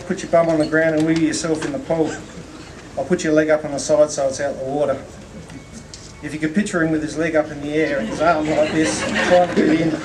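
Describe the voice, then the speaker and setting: A man's voice: fairly high pitch, background noise. Man telling a funny eulogy story. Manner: storytelling with dry humor, acts out dialogue. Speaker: eulogy speaker. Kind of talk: eulogy anecdote at a memorial. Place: memorial gathering. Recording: distant mic with audible room ambience.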